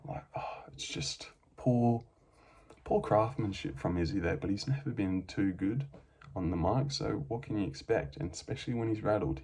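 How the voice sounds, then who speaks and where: A man's voice: sits low, a little mellow. A man giving casual, profane, mocking reaction commentary, reading from his own notes.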